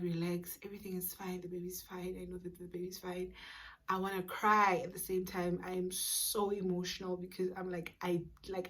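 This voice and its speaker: A young South African woman vlogger telling a personal story in a casual, animated way, acting out dialogue and dropping to whispers at times. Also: on the low side. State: pregnant.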